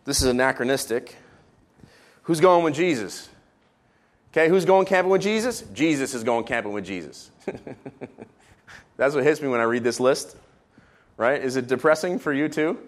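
Pastor guy preaching, kinda high voice, jokey, gets loud then drops real quiet. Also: unhurried, long pauses. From Israel. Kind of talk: sermon.

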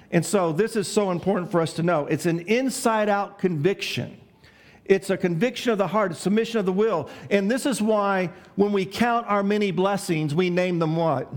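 A man preaching a sermon as pastor, asking the congregation questions and letting them answer, with emphatic, varied delivery. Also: sits high.

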